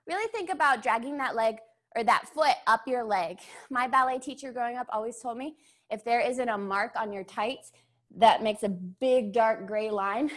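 A woman's voice: on the high side, bright, forceful tone. A young woman teaching a beginner ballet class, a little out of breath, cueing steps, counting beats and checking in with her students. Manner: encouraging, counts beats aloud, checks in with "yeah?". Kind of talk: online dance class instruction.

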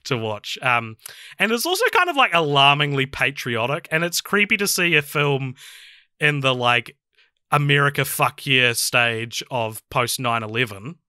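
A young man co-hosting a casual film review podcast, chatty and laughing often, with halting restarts. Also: mid-range voice, sing-song, sharp tone, clean tone, no room sound, studio quality. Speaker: podcast co-host.

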